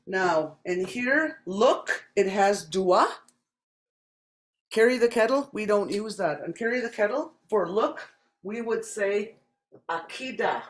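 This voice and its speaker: A language teacher from Saskatchewan, Canada, giving a spoken lesson and repeating each word slowly and deliberately. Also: mid-range voice, animated, echoey room.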